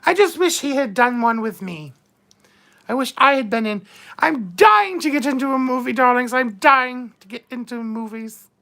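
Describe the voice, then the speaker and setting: Hosting a live stream in character, a woman plays a vain, flirtatious mature duchess who drawls "darling" and swaps bawdy innuendo with the chat. Her high voice is animated, a bit bright, and moves at a moderate pace.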